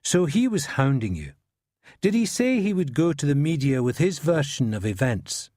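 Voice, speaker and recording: A man's voice: fairly high pitch, big pitch swings, normal speed, darkish tone, no room sound. An actor playing a patient male detective who questions a suspect with dry, probing politeness. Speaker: police interrogator.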